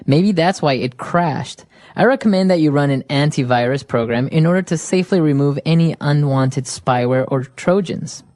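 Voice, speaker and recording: A woman's voice: sits low, normal speed, dark tone, dry recording, close to an everyday voice. A woman playing a polite male tech support agent who patiently reassures a panicked caller in a scripted learner dialogue. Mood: calm.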